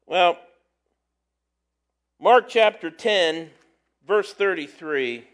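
A man's voice: high-pitched, animated, drawn-out words. A man preaching a casual sermon, folksy and conversational, with playful asides. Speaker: preacher teaching from the Bible.

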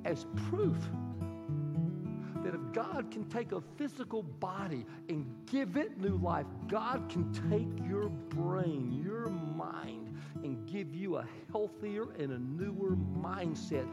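A man preaches with a gravelly, slightly high voice, rising to loud, soaring lines and then dropping to near whispers. His words ring through a reverberant hall. A guitar plays clearly underneath. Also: expressive, takes it slowly. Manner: impassioned preaching that swings from shouting to hushed whispers. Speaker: pastor. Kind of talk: sermon. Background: soft guitar music.

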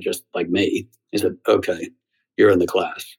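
Middle-aged man, husky lowish voice, lively anecdotal storyteller, halting restarts. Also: poor audio. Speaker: theater columnist and former talk show host. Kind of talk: anecdotal interview answer.

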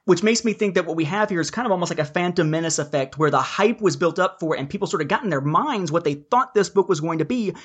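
A man's voice: on the high side, quick pace, few pauses, slightly rough. A man hosting a casual podcast discussion, chatty and jokey, laying out his points in order. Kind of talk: casual book-review discussion.

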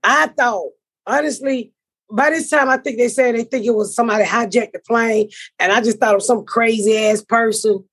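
A middle-aged American woman hosting a podcast, telling profane, animated stories and acting out what everyone said. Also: fairly high pitch, moderate pace, slightly rough. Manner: profane, animated storyteller acting out her own quotes. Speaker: podcast host. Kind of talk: casual chat, storytelling.

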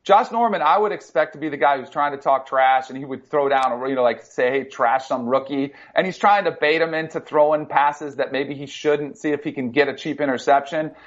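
Brief: ex-football player co-host, male, a bit high-voiced, chatty storyteller, dull muffled audio. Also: fairly quick, hardly any pauses. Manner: animated storyteller, many fillers. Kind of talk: casual sports talk.

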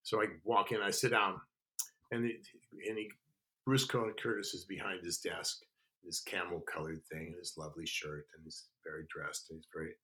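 Bright-voiced older man telling stories. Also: low voice, moderate pace. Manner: animated, restarts and lots of 'you know'. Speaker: guest actor. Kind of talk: casual interview storytelling.

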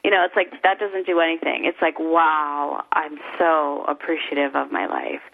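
A woman's voice: low-pitched, normal speed, vocal fry. Enthusiastic woman on a tinny line. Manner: enthusiastic, animated, spiritual self-help phrasing. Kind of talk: casual conversation. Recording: phone-like narrow sound.

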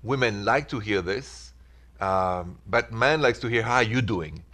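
A man from France with a French accent, hosting a relaxed, chatty call-in show about love and relationships. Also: lowish voice. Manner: relaxed, chatty, with filler pauses. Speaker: radio advice host. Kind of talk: call-in advice talk.

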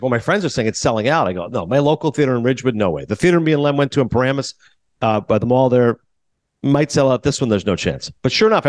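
A man in his forties from Canada hosts a podcast in relaxed chat. He tells his stories at a quick clip and acts out what he said along the way. The sound is dry and close, with no room echo. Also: medium pitch. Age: 40s. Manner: animated storytelling, acting out his own asides. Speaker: podcast host. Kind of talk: casual chat.

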